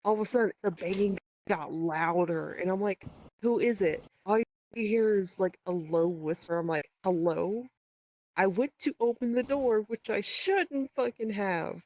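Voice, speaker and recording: A woman guest on a podcast, telling a story in a casual, profane, animated way and quoting dialogue. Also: mid-range voice, measured pace, poor audio.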